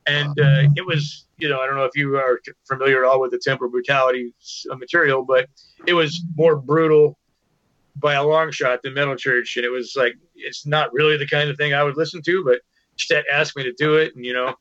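A man's voice: medium pitch, fairly even intonation, a little fast, fairly bright tone. A male musician guest telling stories in a loose, rambling way, full of restarts and "you know". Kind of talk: casual storytelling interview. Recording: dull lo-fi sound.

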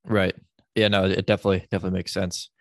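A man hosting a podcast, asking questions quickly and agreeably. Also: deep voice, flat delivery, vocal fry, no room sound, studio quality. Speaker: podcast host. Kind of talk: podcast interview.

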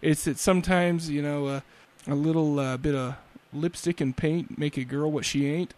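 A man's voice: on the high side, fairly even intonation, normal speed, background noise. A married man hosting a podcast, rambling and self-deprecating in casual chat. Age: adult, married. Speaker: podcast host.

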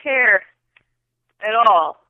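A mid-pitched podcast co-host trades playful, teasing banter in casual chat. The voice comes through a thin, tinny, phone-like line. There is no room echo. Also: lively intonation, drawn-out words.

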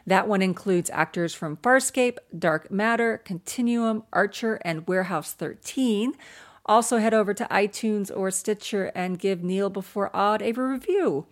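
A chatty woman hosts a casual podcast conversation. Her pitch sits in the middle, and she laughs easily and tosses off quick asides. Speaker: podcast host.

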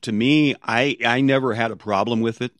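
A man co-hosting a casual movie chat, talking in a relaxed way and often stammering on restarts. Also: medium pitch, moderate pace, no echo. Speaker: podcast co-host. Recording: dry close audio.

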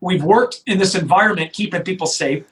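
A middle-aged man, a sheriff telling his story in an interview with emphatic, animated delivery and frequent restarts. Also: high voice, fairly quick, low-quality recording.

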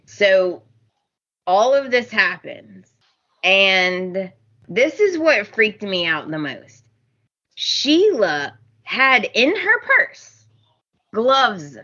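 A woman's voice: mid-range voice, sing-song, very slow, long pauses, pushed and bright, husky, lo-fi sound. A woman co-hosting a podcast, retelling soap opera scenes in emphatic casual chat. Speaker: podcast co-host.

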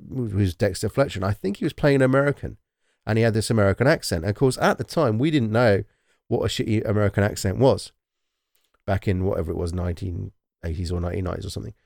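A man who grew up in Britain chats casually on a podcast, wandering through asides and laughing often. His voice sits fairly low, recorded close and dry with no room sound. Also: vocal fry, darkish tone, no echo. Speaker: podcast co-host. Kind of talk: casual chat.

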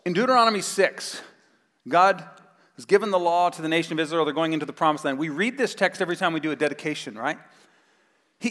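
Man preaching, lively storytelling, fairly high voice, long church reverb. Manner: animated storytelling, acts out quotes with a raised voice. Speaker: pastor. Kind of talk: sermon. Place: church sanctuary.

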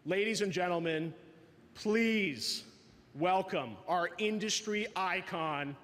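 A man with a fairly high voice delivers an earnest stage speech, introducing an honoree with rising ceremony. The sound carries the long reverb of a big hall. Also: slow pace, fairly bright tone. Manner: earnest, building to a big announcement. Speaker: awards show host. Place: large event hall. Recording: reverberant event hall recording.

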